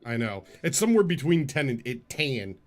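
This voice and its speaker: A man's voice: mid-range voice, very animated, brisk, darkish tone, soft background music. A man chatting casually and bluntly, tossing in wisecracks. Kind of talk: casual chat.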